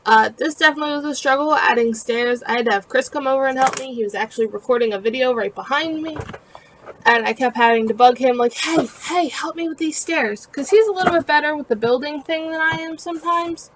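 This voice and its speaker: A woman with a fairly high voice gives a casual voice-over for her own building video. She rambles and talks with a chatty, self-deprecating ease, full of fillers, and sounds a little tired. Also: quick pace, fairly bright tone, slight background noise, low-quality recording. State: tired and yawning. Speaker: gaming video creator narrating her build.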